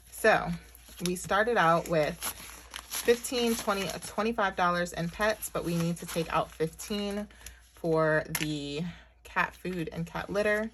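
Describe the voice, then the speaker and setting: A fairly low-pitched woman in her thirties talks casually to her viewers from her bedroom, counting out cash as she goes. She addresses them as y'all in a chatty, offhand way. A faint hiss sits behind her voice. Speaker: budgeting vlogger. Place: her bedroom upstairs at home.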